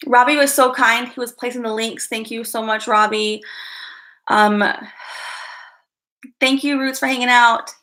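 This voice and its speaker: A woman's voice: a little high, fairly even intonation, measured pace, long pauses, bright, forceful tone. A woman hosting a casual live stream, chatting with her viewers, giggly and easily distracted. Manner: giggly, easily distracted, greets chat by name.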